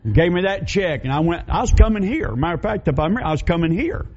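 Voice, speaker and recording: A male pastor delivers a folksy sermon, slipping into the voices of people in his stories. His voice sits a little high. The recording is dull and lo-fi. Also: very animated, fast, darkish tone. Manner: folksy storytelling, acts out quoted voices. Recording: dull lo-fi sound.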